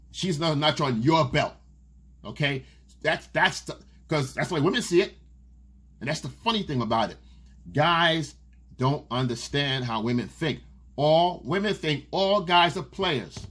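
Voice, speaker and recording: A man's voice: a little high, fairly bright tone, breathy edge. A man giving casual dating advice in a monologue. He is blunt and profane and keeps asking "okay?". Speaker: dating coach.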